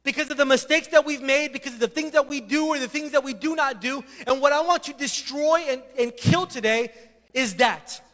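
Man, pastor, very high voice, preaching a sermon, lively storytelling, long hall reverb. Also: brisk. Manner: animated storytelling, acting out voices.

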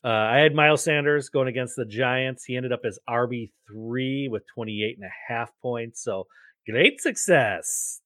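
A man co-hosting a fantasy football podcast in a relaxed, plain-spoken way. His voice sounds close and dry, with no room around it. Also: mid-range voice, moderate pace, hardly any pauses, no room sound. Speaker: podcast co-host. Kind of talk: casual sports betting chat.

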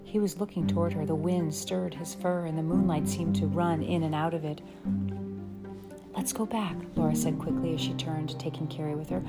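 A woman narrating a children's storybook in a slow, gentle, measured way. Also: deep voice, flat delivery, loud music behind the voice. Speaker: audiobook narrator.

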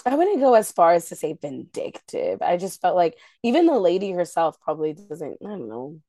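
A woman's voice: lowish voice, sing-song, moderate pace, warm tone, dry recording, studio quality. Hesitant woman musing on reality TV. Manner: hesitant, thinks aloud with repeated hedges. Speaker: podcast co-host. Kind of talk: casual reality TV gossip chat.

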